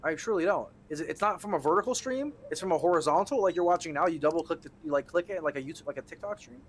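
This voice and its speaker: A young man with a voice sitting a little high for a man talks loosely while he plays a game on stream. He jokes, swears freely and breaks into sudden excited yelps between stretches of easy chatter with his viewers. A faint hum of room noise sits under his close desk microphone. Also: racing. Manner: loose, joking and profane, with sudden excited outbursts. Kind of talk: casual gameplay commentary.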